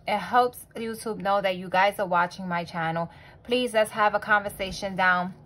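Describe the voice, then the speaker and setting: A young adult woman and mother hosting a budgeting vlog, talking casually with lots of fillers and restarts, and quietly counting money under her breath. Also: mid-range voice, low-quality recording. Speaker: budgeting channel host.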